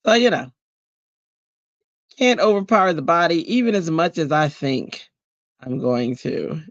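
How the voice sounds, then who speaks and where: A chatty man talks on a home crafting livestream, his voice a bit high and gravelly. He rambles with many fillers and greets viewers. The sound is dry and a little dull. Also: measured pace, fairly bright tone, dry recording. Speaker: card-making livestream host. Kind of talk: casual livestream chat while crafting.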